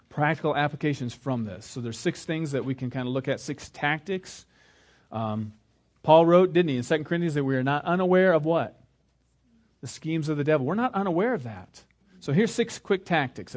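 A male pastor preaching a conversational sermon, asking the congregation questions as he goes. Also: fairly high pitch.

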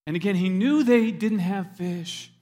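A man's voice: sits high, unhurried, mellow. A man preaching a sermon as a pastor, earnest, repeating words as he stresses his points. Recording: long hall reverb.

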